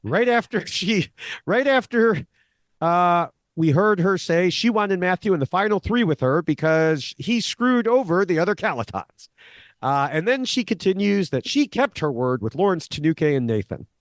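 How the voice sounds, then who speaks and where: A man co-hosting a podcast, recapping a reality show in a casual, animated way and laughing often. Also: high voice, normal speed, dry recording, studio quality. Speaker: podcast co-host, Survivor expert.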